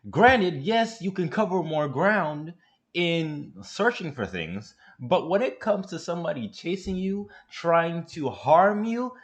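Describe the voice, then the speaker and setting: A man hosting a reaction video, chatting casually and emphatically as he comments on a clip. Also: high voice. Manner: animated, emphatic, laughs along.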